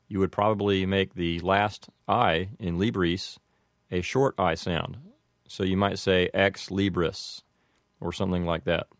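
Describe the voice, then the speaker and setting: A man walks through pronunciations in a measured, methodical way. His voice sits very low. The recording is dry and close. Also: no room sound. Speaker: Latin pronunciation teacher. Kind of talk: explanatory lesson.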